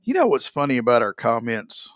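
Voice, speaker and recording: A man's voice: mid-range voice, huge pitch swings, a little fast, a bit bright, no room sound, clean studio sound. A middle-aged man co-hosting a morning show, chatting in an easygoing, wry way. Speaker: radio show co-host. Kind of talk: casual chat.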